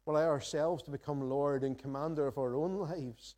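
This pastor's fairly high, mellow voice holds a steady tone and runs a little fast as he preaches earnestly in the sanctuary. He reads scripture and questions the congregation reflectively.

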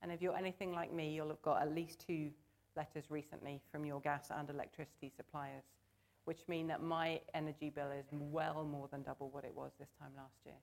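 A woman's voice: deep voice, little pitch movement, brisk, vocal fry, a little mellow. A woman preaching a sermon in church, earnest and conversational, asking the congregation to join in.

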